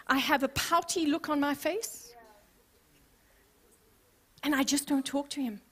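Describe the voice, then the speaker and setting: A woman pastor preaching a sermon, expressive and playful, with humorous asides to the congregation. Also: high voice, a little slow. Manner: expressive, acts out scenes.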